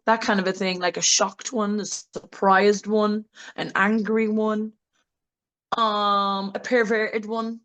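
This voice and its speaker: A woman, an adult film actress, being interviewed in a candid casual chat, talking bluntly, laughing often and mimicking voices with big pitch jumps. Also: little pitch movement, slow, poor audio.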